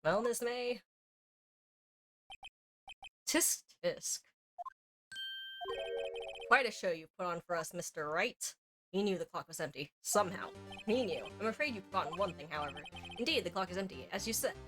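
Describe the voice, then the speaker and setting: A woman's voice: fairly low pitch, lively intonation, normal speed, long pauses, lightly acted. A tipsy woman reading the lines of a smug, condescending male prosecutor from a game, with game music behind her.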